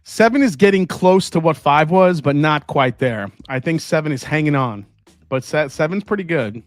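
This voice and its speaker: A man's voice: fairly high pitch, lively intonation, normal speed, no room sound, soft background music. Chatty man hosting a live tasting. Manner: chatty, rambling, reads out viewer comments. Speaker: host. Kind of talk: casual live tasting chat.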